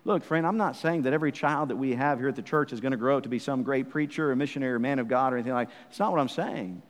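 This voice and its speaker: A man preaching a sermon in a church, fervent and full of rhetorical questions, swinging from hushed to loud. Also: medium pitch, rapid-fire, big-room sound. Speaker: pastor.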